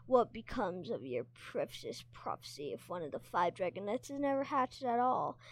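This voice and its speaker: A woman's voice: mid-range voice, very animated, normal speed. A woman voicing a cruel, mocking female sand dragon who wants to be queen, with a sneering, taunting manner.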